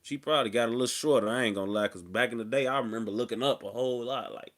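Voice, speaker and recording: A man, an interview guest, telling a story in a casual, slang-filled way and loudly acting out the people in it. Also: mid-range voice, racing, hardly any pauses. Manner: animated, slangy, acts out quotes loudly.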